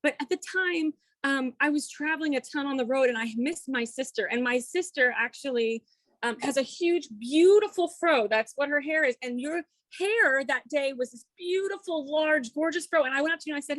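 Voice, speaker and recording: A woman's voice: sits high, moderate pace, fairly bright tone, dry recording. A woman co-hosting a video call interview, bubbly and emotional. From Nashville-based. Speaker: co-host and country singer.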